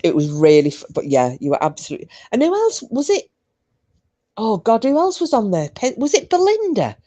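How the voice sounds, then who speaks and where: A woman's voice: fairly high pitch, wildly swooping pitch, a little fast, warm tone. A middle-aged woman hosting a casual livestream from home, chatting and laughing through bawdy banter with her viewers. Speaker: livestream host. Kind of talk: casual chat with live chat viewers.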